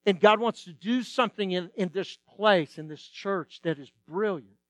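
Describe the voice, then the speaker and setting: Animated high-voiced male pastor preaching. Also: moderate pace, dry recording. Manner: animated storytelling, acts out dialogue. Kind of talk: sermon.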